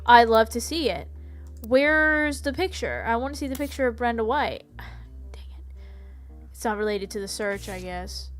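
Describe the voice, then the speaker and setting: A woman's voice: fairly high pitch, lively intonation, normal speed, pauses often. A woman streaming a detective game, chatting with viewers, giggling and reading the game text aloud. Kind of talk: casual let's-play commentary. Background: faint background music.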